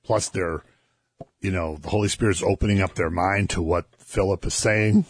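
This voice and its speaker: A man chatting casually about scripture on a talk show, relaxed and chuckling as he tells stories. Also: sits low, normal speed, slightly rough, no room sound, clean studio sound. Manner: conversational, chuckling, relaxed storytelling. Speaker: co-host discussing scripture. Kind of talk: casual Bible discussion.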